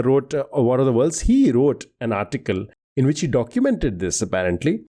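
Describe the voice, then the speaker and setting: A man's voice: medium pitch, dark tone. A man hosting a quiz show in casual chat, patiently giving clues and laughing often. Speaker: quiz host.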